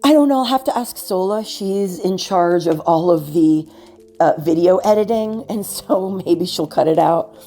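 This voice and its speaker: A woman hosting a podcast, asking questions in a gentle, apologetic, casual interview manner. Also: fairly low pitch, measured pace, faint music behind. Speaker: podcast host.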